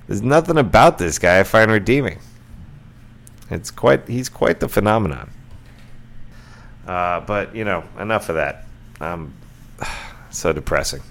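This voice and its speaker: A man's voice: lowish voice, expressive, a little slow, pauses often. A middle-aged man hosting a casual solo podcast, rambling along with lots of fillers and restarts. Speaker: podcast host.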